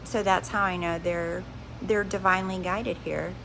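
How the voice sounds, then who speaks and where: A woman hosting a live stream on spiritual growth, speaking calmly and directly to her viewers, often repeating phrases. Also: lowish voice, normal speed, vocal fry, background noise. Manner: calm, reassuring, repeats herself, addresses viewers directly. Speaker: livestream host.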